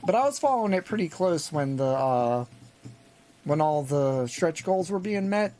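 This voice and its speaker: A man streaming a game live, chatting in a relaxed, casual way with fillers. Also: fairly high pitch, moderate pace, slight background noise. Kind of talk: casual live gaming chat.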